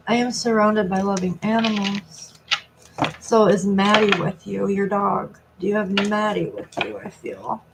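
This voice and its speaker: A woman tarot reader on a live stream, talking softly and reflectively as she passes on messages from a spirit. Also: lowish voice, vocal fry. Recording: noisy recording with clicks.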